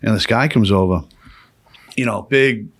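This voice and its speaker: Profane storytelling man, low dry voice. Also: measured pace, no room sound. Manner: profane, rambling, laughs often. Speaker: podcast host. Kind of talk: casual storytelling.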